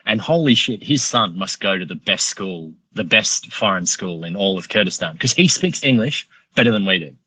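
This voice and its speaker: A man with an Australian accent, a podcast guest telling a story in a casual, animated, profane way. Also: sits low, normal speed, hardly any pauses, slightly rough, no room sound, rough recording.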